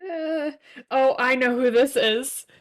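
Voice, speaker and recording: Woman player, hesitant and giggly, slow-talking and slightly high. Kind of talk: casual tabletop play.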